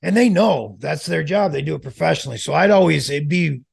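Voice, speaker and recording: A middle-aged man, a former wrestler, telling relaxed, rambling stories in an interview. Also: on the high side, brisk, creaky, slightly rough. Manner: relaxed, rambling, many restarts. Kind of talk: casual storytelling.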